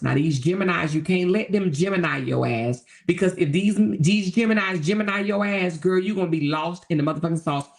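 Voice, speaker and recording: Sassy, gravelly woman from DC. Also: sits low, a little mellow. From Southeast Washington, DC. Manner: sassy, profane, talks straight to viewers. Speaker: livestream host. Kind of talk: unfiltered gossip commentary to a live chat.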